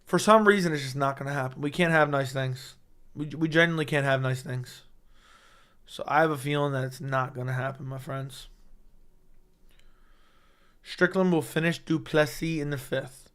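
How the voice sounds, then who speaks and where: A young man hosting a casual fight-talk livestream, excitable and rambling, swearing often, with a voice he says is going hoarse. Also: on the high side, moderate pace, pauses often. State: losing his voice. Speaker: MMA livestream host. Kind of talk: casual livestream chat reading chat.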